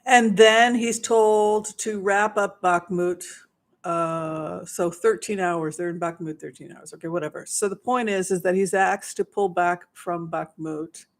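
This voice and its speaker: A psychic host talks through a vision in a rambling, stop-start live monologue at a middle pitch. The speaker often acts out short quotes from the people in the vision. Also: steady tone, a little slow. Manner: rambling with restarts and acted-out quotes. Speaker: psychic remote viewer. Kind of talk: live question-and-answer monologue.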